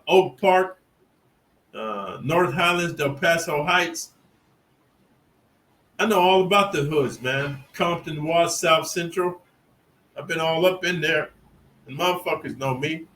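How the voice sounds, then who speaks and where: A middle-aged Californian man tells prison stories in a casual, profane monologue that is boastful, rambling and streetwise. His voice is a little high and a bit bright, captured in a low-quality recording.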